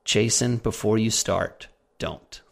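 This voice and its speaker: A man's voice: fairly low pitch, takes it slowly, creaky. A man co-hosting a casual question-and-answer show, reading out listener questions and teasing his co-host. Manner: joking, teasing. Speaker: podcast co-host.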